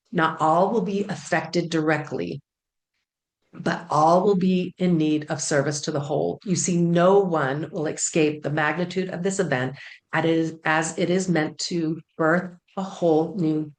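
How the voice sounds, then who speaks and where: A woman's voice: sits low, roomy sound. A woman talking casually and earnestly about channeled spiritual messages, with frequent fillers and repeated phrases.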